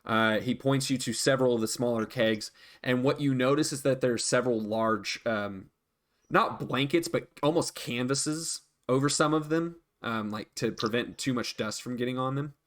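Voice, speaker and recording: A man serving as dungeon master for a tabletop game, talking in a loose, relaxed way. He fills his narration with ums and uhs and breaks into laughter often. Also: medium pitch, moderate pace.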